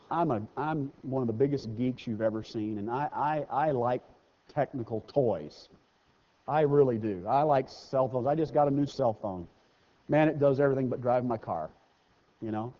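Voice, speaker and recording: A man preaching a sermon in a church, talking to the congregation in an easy way. He slows down to read scripture and makes joking, self-deprecating asides. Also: mid-range voice. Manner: conversational preaching, slows down and rises for scripture readings. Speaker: pastor. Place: church sanctuary. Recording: dull sound with long hall reverb.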